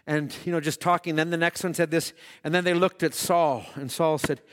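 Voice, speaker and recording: A man preaching a sermon who swings between shouted peaks and hushed, drawn-out passages, telling stories with quoted voices. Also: on the high side, steady tone. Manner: dramatic storytelling with quoted voices.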